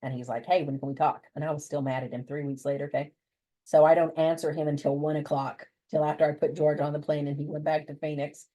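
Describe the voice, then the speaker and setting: A woman from the United States, an interview guest telling a personal story in a lively way and acting out the voices of the people she quotes. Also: low-pitched, fast, poor audio. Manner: animated, acts out voices when quoting people.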